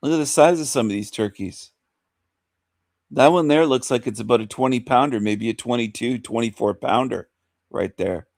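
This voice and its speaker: A man's voice: medium pitch, normal speed, creaky, darkish tone, dry recording, studio quality. A man hosting a talk radio show, rambling through an opinionated monologue and repeating himself with rhetorical questions.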